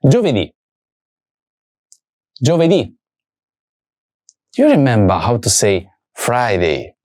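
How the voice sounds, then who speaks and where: A man teaching a language lesson, saying words slowly and carefully and repeating each one for learners. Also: mid-range voice, huge pitch swings, a little mellow.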